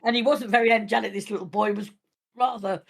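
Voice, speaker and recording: A woman's voice: mid-range voice, steady tone, fast, vocal fry, breathy edge. An older woman, a grandmother telling rambling stories in casual chat, often restarting her sentences. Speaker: podcast guest, grandmother. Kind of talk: casual storytelling.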